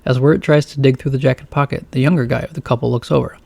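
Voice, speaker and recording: A man narrating a novelized storybook in a plain, steady reading voice. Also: mid-range voice, quick pace, gravelly, no echo.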